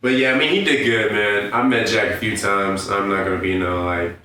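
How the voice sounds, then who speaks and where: Man, casual podcast chat, relaxed drawl, distant mic, faint background noise. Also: fairly low pitch, heavy reverb. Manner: laid-back, drawn-out explaining. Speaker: podcast co-host.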